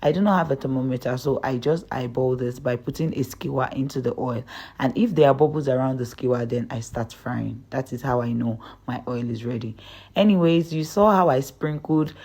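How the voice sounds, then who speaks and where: Young woman doing a cooking tutorial voiceover, chatty and upbeat, kinda mellow warm tone. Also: rumbling low, a little fast, breathy edge. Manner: chatty, upbeat, addresses viewers as guys. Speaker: cooking channel host. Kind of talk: recipe tutorial voice-over.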